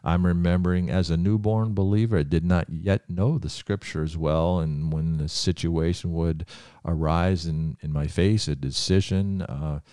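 A man's voice: deep voice, dark tone, no echo, clean studio sound. An older man preaching a fervent sermon as a pastor, building to emphatic praise.

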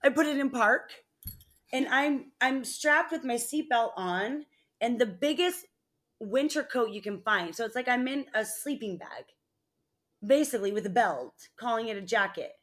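A woman's voice: a little high, normal speed. A woman co-hosting a podcast, telling funny stories in a casual chat and laughing often. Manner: animated storyteller, laughs often. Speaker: podcast co-host.

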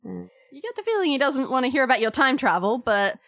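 Higher-voiced woman game master. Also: big pitch swings, brisk, a bit bright, dry recording. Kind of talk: narrating a tabletop game.

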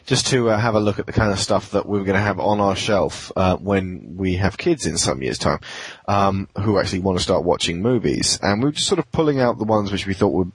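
Low, husky man, dry sound. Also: no echo, rough recording. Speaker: podcast host. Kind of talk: casual chat.

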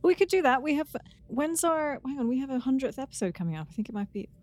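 A woman's voice: sits high, sing-song, quick pace, a little mellow. A woman co-hosting a podcast, chatting casually and sharing news with many halts and restarts. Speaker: podcast co-host. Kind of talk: casual chat.

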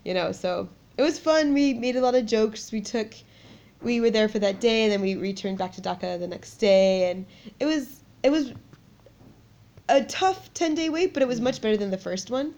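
A woman in her thirties co-hosting a podcast, telling a personal story in a lively way and laughing often. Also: fairly high pitch, moderate pace. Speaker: podcast co-host. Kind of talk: casual chat.

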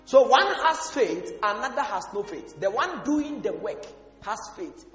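Man preaching in church, very high voice, big echo, asks the crowd questions then shouts. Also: very animated, unhurried. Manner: preaching with call-and-response questions, sudden shouts. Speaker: pastor. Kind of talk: sermon. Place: church hall. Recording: echoey hall with faint music.

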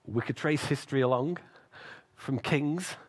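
A man preaching a sermon, retelling a story with lively acted-out voices. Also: medium pitch, measured pace. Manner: animated storytelling with acted quotes.

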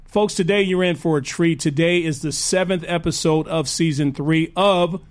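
A man's voice: a little high, normal speed. A man hosting a live radio talk show, hyped and joking, often laughing. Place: radio studio.

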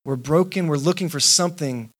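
A man's voice: on the high side, brisk. A male pastor giving a sermon, with impassioned, repetitive rhetorical preaching.

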